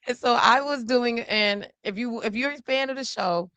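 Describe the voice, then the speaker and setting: A woman's voice: fairly high pitch, moderate pace, fairly bright tone, no echo. A woman hosting a show and chatting casually in a loose, slangy, laughing way. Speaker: show host and journalist. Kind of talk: casual chat. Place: studio. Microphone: studio mic.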